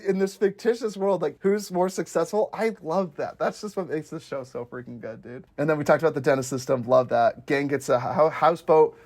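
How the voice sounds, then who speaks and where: A podcast host in casual chat, gushing with enthusiasm, laughing often and rambling through fillers and self-corrections. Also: medium pitch. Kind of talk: casual chat recapping a comedy series.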